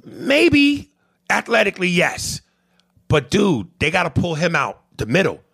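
A man's voice: high-pitched, wildly swooping pitch, a little slow, gravelly, a bit bright, breathy edge, no echo, clean studio sound. A man hosting a podcast, reading listener messages aloud and arguing basketball in blunt, profane casual chat. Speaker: podcast host.

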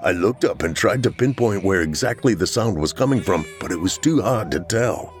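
A man's voice: low voice, expressive, moderate pace, hardly any pauses, faint music behind. A man narrating a first-person horror story in a dramatic way, acting out the frightened lines.

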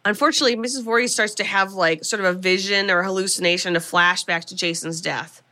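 Podcast host, woman, bright tone, chatty plot recap. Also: medium pitch, steady tone, fast talker. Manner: chatty storyteller, quotes characters. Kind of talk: casual movie recap.

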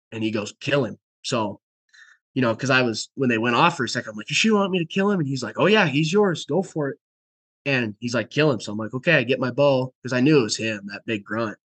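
A young man with a husky, slightly rough voice tells a story in relaxed, casual talk. He acts out the dialogue as he goes and drops into hushed whispers for the quiet moments. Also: mid-range voice. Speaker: podcast guest.

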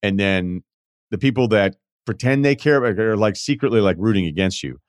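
Deep-voiced man, casual podcast chat. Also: a little fast, no echo, studio quality. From Vermont. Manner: conversational storytelling, animated quoting. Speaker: podcast host. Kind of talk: casual chat, reading listener emails.

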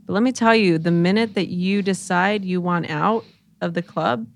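Gravelly-voiced woman chatting candidly. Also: lowish voice, normal speed. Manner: candid, swears freely, animated retellings. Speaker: podcast host. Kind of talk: casual chat.

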